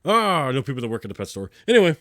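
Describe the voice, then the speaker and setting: A man's voice: mid-range voice, big pitch swings, rapid-fire, fairly bright tone. A man co-hosting a reaction video over a call, chatting and explaining with lots of fillers. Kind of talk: casual chat.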